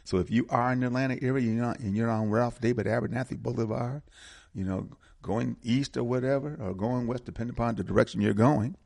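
A man's voice: medium pitch, fast, vocal fry, darkish tone. A man hosting community announcements, talking casually and repeating the details and phone numbers. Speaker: community radio host. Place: Atlanta area.

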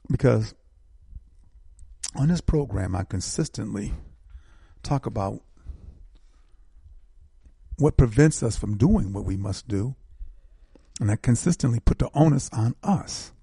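An older man hosts a call-in radio show, his voice gravelly and husky. His tone is dark and mellow, and he builds his points through preacherly repetition. The sound is dry and close. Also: fairly low pitch, dry recording. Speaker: radio talk show host.

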